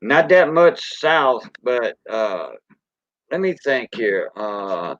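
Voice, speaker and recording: A man's voice: medium pitch, very animated, takes it slowly, fairly bright tone, no room sound. A Cajun man chats in a loose, folksy ramble, the way a live-stream host talks with his viewers. His voice sits in an ordinary middle register. The sound is dull and lo-fi, with a dry, close feel. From Louisiana Gulf Coast. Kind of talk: casual live-stream chat.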